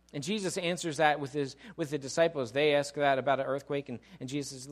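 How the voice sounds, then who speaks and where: Man, pastor, sermon, lively preaching, fairly high voice, acts out voices. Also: fast talker. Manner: animated preacher who acts out quoted voices and asks the congregation to repeat lines.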